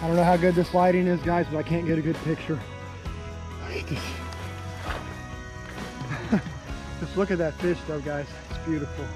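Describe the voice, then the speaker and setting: A young man filming a casual fishing vlog outdoors by a creek, excitable and often calling out to his viewers as guys. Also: on the high side, fast, music in the background. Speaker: fishing vlogger.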